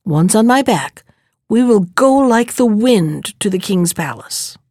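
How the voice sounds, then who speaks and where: A woman reading aloud, voicing a wise, kindly talking horse who gives calm, patient advice. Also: mid-range voice, slow, no room sound, clean studio sound.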